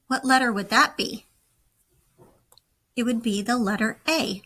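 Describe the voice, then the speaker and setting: A woman teaching a recorded lesson, speaking slowly and deliberately to young students. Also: a little high, sharp tone, low-quality recording. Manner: slow, deliberate, instructive.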